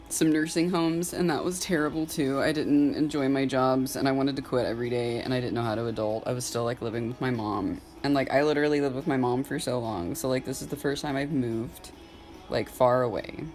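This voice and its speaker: A young woman in her twenties speaks straight to camera in a personal vlog. Her talk is loose and unscripted, peppered with "like," and she is open about her feelings. Soft music plays faintly underneath. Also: extremely low pitch. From Southern United States. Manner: casual, candid, filler-heavy, with frequent "like"; openly emotional at times.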